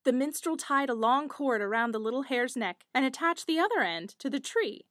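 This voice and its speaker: Lively high-voiced woman reading a fairy tale. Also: moderate pace, dry recording, studio quality. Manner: expressive, lively storytelling. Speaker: narrator. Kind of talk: storybook narration.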